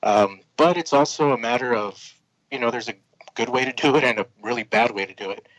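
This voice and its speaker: A man's voice: mid-range voice, fairly quick, a bit bright, low-quality recording. A man, a comic book creator, chatting casually as a podcast guest, rambling with lots of fillers and restarts.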